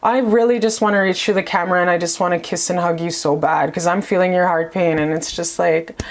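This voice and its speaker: A woman's voice: lowish voice, steady tone, a little fast, hardly any pauses, a little hiss or hum. A woman giving a casual tarot reading to the camera, rambling and gushing, calling the viewer baby. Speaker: tarot reader. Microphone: camera mic.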